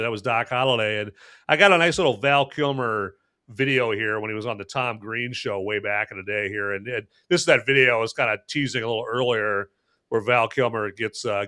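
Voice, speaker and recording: A man's voice: lowish voice, pushed and bright. A man hosting a casual podcast chat about movies, chatty and full of fillers. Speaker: podcast host.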